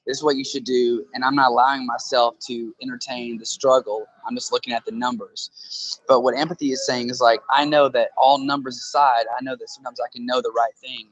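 A man's voice: medium pitch, flat delivery, a little fast, a bit bright, rough recording. A man in a casual conversation who talks into a handheld phone, explaining earnestly through analogies and often checking in with "right?".

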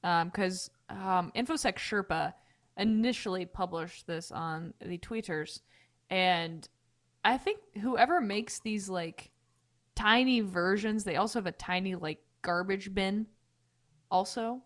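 A woman of middling pitch hosts a relaxed tech podcast. She is playful and laughs easily between remarks. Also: takes it slowly. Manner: giggly, playful. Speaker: podcast host. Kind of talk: casual tech podcast chat.

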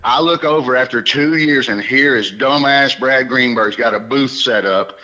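A man from Alabama with a Southern accent softened by years in New York, a stand-up comedian telling a story on a radio phone-in, animated and full of quick restarts. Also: medium pitch, lo-fi sound. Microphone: phone line.

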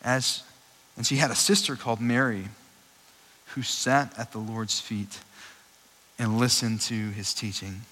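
A young adult man preaching a sermon in a conversational, animated way, with frequent fillers and restarts. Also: mid-range voice, measured pace, pauses often, low-quality recording. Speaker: pastor.

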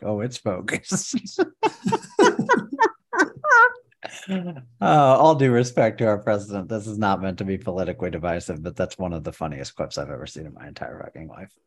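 A man co-hosting a casual sports podcast, excitable and swearing, muttering to himself as he searches. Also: low voice. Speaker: podcast co-host. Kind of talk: casual chat.

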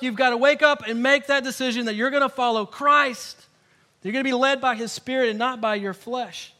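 A man preaching a sermon, moving between loud, emphatic points and quiet, personal storytelling. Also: extremely high pitch, normal speed. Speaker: pastor.

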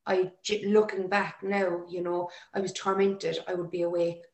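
A woman telling a personal story in an emotional, halting way with many restarts. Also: fairly low pitch, flat delivery. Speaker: interview guest. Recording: echoey room.

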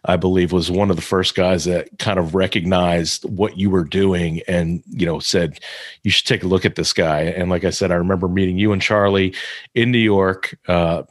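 A man's voice: low voice, steady tone, moderate pace, no echo, clean studio sound. A man co-hosting a podcast interview, friendly and a little rambling, with plenty of fillers. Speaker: podcast co-host. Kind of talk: casual interview talk.

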